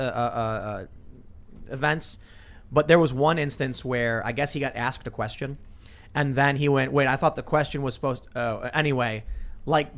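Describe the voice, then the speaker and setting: A man's voice: medium pitch, a bit bright. A man hosting a casual political talk show from a studio, rambling with lots of restarts and repeated words. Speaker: show host. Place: podcast studio.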